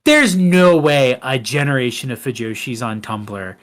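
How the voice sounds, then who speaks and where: A man's voice: mid-range voice, expressive, measured pace, fairly bright tone. Male podcast co-host, loose rambling delivery, lots of "like" and restarts. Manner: rambling, frequent fillers and restarts. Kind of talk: casual film discussion.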